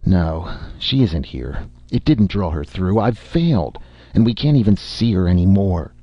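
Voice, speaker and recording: A man's voice: low-pitched, animated, a little slow, dry recording, dull audio, full character voice. A man voicing an anxious, driven young male scientist who stammers when upset, in a storybook reading. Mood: despairing.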